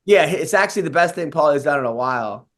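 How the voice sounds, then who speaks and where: A man's voice: on the high side, animated, quick pace, fairly bright tone. A man, a comedian and podcast host, telling a rambling story in casual chat, full of fillers and swearing.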